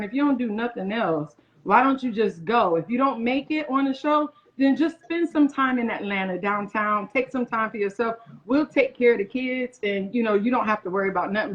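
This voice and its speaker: A woman in her forties, a guest chef, telling a story in a casual interview and acting out other people's lines in quoted voices. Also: a little high. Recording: muffled lo-fi audio.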